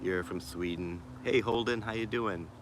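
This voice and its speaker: Low-voiced Boston man chatting outdoors. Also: normal speed, noisy background. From Boston, USA. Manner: rambling, greeting chat viewers by name. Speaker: vlogger livestreaming. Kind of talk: casual livestream chat. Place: small wooded patch in a city, outdoors. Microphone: phone on a selfie stick.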